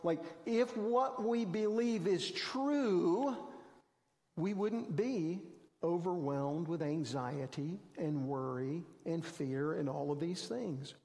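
A man's voice: on the high side, slow, gravelly, a little mellow, long reverb tail. A man preaching a sermon as pastor, telling stories in a conversational, self-deprecating way. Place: church sanctuary.

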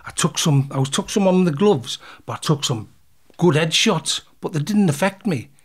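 This man's fairly high voice has lively intonation, a moderate pace and a breathy edge. As an interview guest he tells a story bluntly and casually, swearing freely and acting out the punches of a fight.

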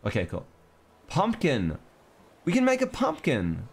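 A man's voice: mid-range voice, very animated, moderate pace, gravelly, long pauses, a little hiss or hum. A young man streaming a cartoon life game, chatting casually and thinking aloud as he plays. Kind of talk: casual gameplay commentary.

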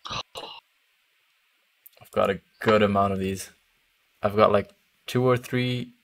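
Streaming a hunting game, a young man chats casually, laughs easily, and trails off mid-thought. His lowish voice is steady, slow, and a bit bright.

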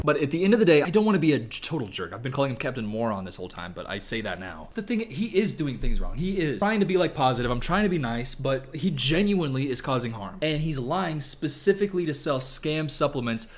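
A young man doing comedic commentary, sarcastic and animated, with quick asides and mock voices. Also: mid-range voice, over loud music.

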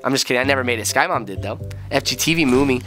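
A middle-aged man hosting a kids' game video, joking excitedly and playfully as he plays alongside his child. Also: medium pitch, very fast, faint music behind. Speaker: gaming channel host.

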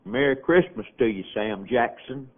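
A man voicing a jovial rural father with a Southern accent, high, loud and hearty, on an old radio recording. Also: lively intonation, normal speed, lightly acted. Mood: jubilant. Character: jovial rural farmer father, shouting with joy. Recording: tinny, band-limited old radio archive.

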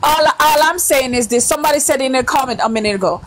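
A woman's voice: sits high, fast, a bit bright, a little hiss or hum. A woman in casual live-stream chat, talking earnestly and lecturing, repeating her points.

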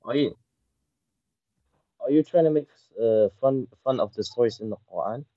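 A man calling into a heated debate, quick and defensive, cutting in to push back. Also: mid-range voice, expressive, dark tone, no room sound. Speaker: debate caller. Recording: dull dry call audio.

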